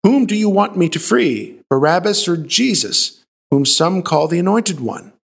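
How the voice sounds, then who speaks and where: A man voicing the Roman governor Pilate as a stern, questioning official in a retold Bible story, with a gravelly, husky voice. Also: sits high, animated, a little slow, voice pushed up, heavily acted. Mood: pressing. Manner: raised, pressing questions.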